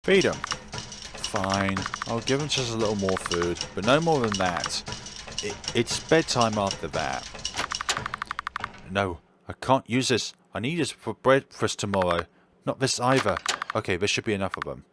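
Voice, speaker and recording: A man's voice: lowish voice, animated, a little slow, noisy background. A man commenting on a horror game and reading its lines aloud in shifting voices. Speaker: gameplay commentator. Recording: game music behind the voice.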